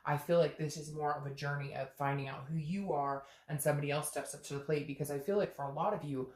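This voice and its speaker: A woman's voice: low-pitched, fairly even intonation, quick pace, darkish tone, reverberant. A woman giving a casual, earnest tarot reading to camera, chatty and thinking aloud with many fillers. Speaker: tarot reader.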